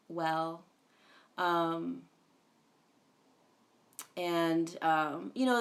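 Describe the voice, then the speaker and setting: A woman hosting a casual livestream, chatting in a rambling way with many fillers, greeting viewers by name and swearing now and then. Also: mid-range voice. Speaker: livestream host.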